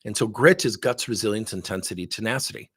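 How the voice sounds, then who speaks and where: A man's voice: fairly low pitch, fast talker, breathy edge, no room sound, studio quality. A middle-aged man as a sales trainer, telling blunt, emphatic stories in a workshop webinar. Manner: animated, blunt, emphatic storyteller.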